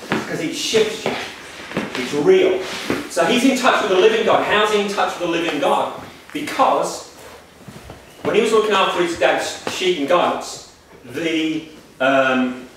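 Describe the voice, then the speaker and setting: Emphatic, high-voiced male lecturer. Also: noisy background. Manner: emphatic, repetitive, preacher-like. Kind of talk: spiritual workshop lecture. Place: lecture room. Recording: echoey room from a distance.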